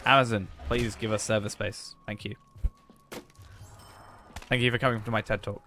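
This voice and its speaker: A man's voice: lowish voice, little pitch movement, moderate pace, bright, forceful tone. A man, streaming a game and chatting casually with viewers while he plays, cracking jokes. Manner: joking, chatty, talks to chat while playing. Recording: faint background music.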